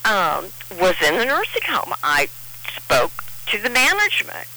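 A woman's voice: mid-range voice, wildly swooping pitch, measured pace, pushed and bright, poor audio. A middle-aged woman telling a personal story in a rambling, emotional way, often restarting her sentences.

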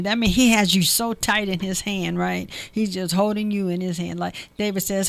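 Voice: medium pitch, normal speed, gravelly, few pauses, no echo. A speaker reading scripture aloud and reflecting on it devotionally, with emphatic stress and repeated key phrases.

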